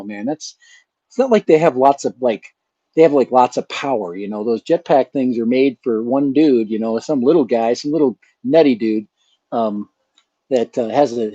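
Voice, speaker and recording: A man's voice: mid-range voice, warm tone, slightly rough, no echo. A man hosting his channel in a casual live chat, rambling and joking with a chuckle. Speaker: channel host. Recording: dull lo-fi sound.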